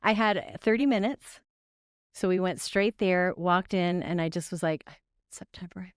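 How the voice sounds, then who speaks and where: Middle-aged woman, bubbly podcast guest, smooth lowish voice, dry close sound. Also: no room sound. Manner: bubbly, laughs often, quick storytelling. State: tired from little sleep. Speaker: guest voice actress and singer. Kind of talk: casual podcast chat.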